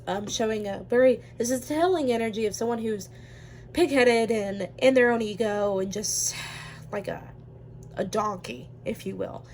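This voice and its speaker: A woman's voice: mid-range voice, darkish tone, slight background noise. A woman giving a casual pick-a-card tarot reading, chatty and rambling, with lots of ums and easy laughter. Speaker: tarot reader.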